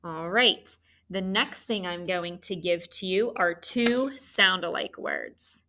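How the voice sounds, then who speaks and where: A woman's voice: lowish voice, takes it slowly, pushed and bright, slight background noise. A woman teaching a children's phonics lesson, spelling out letters and encouraging the students.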